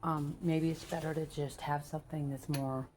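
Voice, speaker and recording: A woman vlogging as she walks home outdoors, talking frankly in a rambling way with many pauses and fillers, recorded on a phone. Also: sits low, level tone, very noisy. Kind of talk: casual rambling chat while walking.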